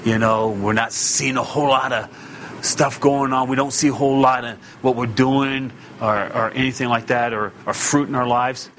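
Male preacher, mid pitch, conversational sermon that swells to urging, faint background hiss. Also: steady tone, moderate pace. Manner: emphatic and conversational, rising to loud exhortation.

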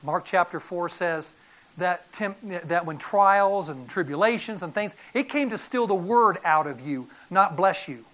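Middle-aged male preacher; animated, folksy sermon delivery with sharp swings from loud to hushed. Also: high-pitched, measured pace. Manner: animated, folksy storytelling with sudden loud bursts and quiet drops. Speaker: pastor.

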